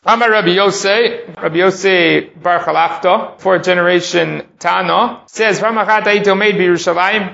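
A man's voice: high-pitched, vocal fry, a bit bright, echoey room, lo-fi sound. A man teaching a Talmud lesson, reading Hebrew passages aloud and then translating and explaining them line by line. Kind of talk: text-study lesson.

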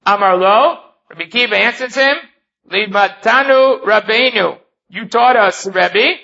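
A man's voice: high-pitched, a little slow, gravelly, sharp tone. A man teaching a Talmud lesson, reading the Hebrew and Aramaic text aloud and then explaining it in English. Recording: dull lo-fi recording.

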